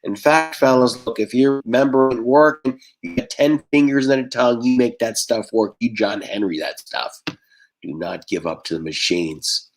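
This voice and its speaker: A man from Texas doing a stand-up set over a video call, firing off quick deadpan one-liners and putting on voices for the characters in his jokes. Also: mid-range voice, a little hiss or hum. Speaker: stand-up comedian.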